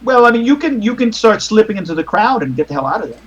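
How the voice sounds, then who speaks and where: A man's voice: high-pitched, very animated, quick pace, muffled recording. A man narrating as game master over a call, rambling with restarts and casual swearing. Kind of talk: narrating a tabletop horror game.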